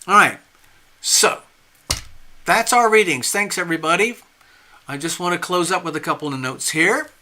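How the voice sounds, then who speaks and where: A man's voice: sits high, normal speed, long pauses, sharp tone, a little hiss or hum. A man giving a tarot reading on a live stream, earnest and reassuring, often checking in with the listener. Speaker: tarot reader.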